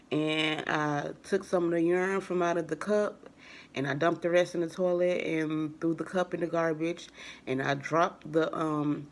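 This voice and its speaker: Rambling young woman telling a story. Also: sits low. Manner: rambling, many fillers and "I was like" quotes. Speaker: vlogger. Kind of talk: casual personal storytelling.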